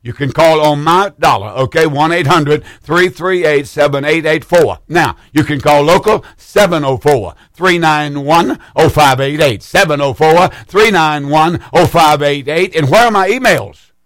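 A man's voice: fairly high pitch, unhurried, fairly bright tone, no echo. A middle-aged man hosting a call-in radio show as a pastor, speaking with a fervent, repetitive preacher's cadence.

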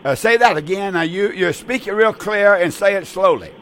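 Man in his 80s, radio preacher, earnest, halting, slightly high voice. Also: a crowd in the background. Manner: halting, repeats words, earnest.

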